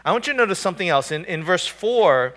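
A man's voice: high-pitched, very animated, quick pace, fairly bright tone. A man preaching a sermon in a conversational, emphatic way, often restarting his sentences. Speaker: pastor.

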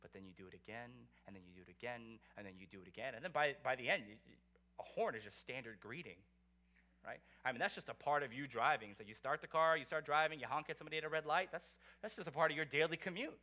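A man preaching a sermon as pastor, animated and conversational, asking the congregation rhetorical questions. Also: mid-range voice, fast talker.

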